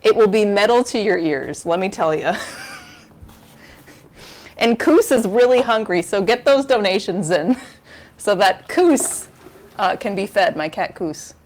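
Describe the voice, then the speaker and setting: A woman's voice: mid-range voice, lively intonation, unhurried. A woman hosting a charity livestream from her home kitchen, chatting casually in a rambling, giggly, self-mocking way on a lavalier mic. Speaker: charity stream host.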